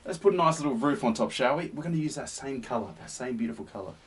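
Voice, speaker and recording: A man hosting a painting demonstration, gentle and encouraging, often sinking to a soft near-whisper. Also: medium pitch, animated, quick pace, breathy edge. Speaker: painting tutorial host. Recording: slightly distant mic with faint hiss.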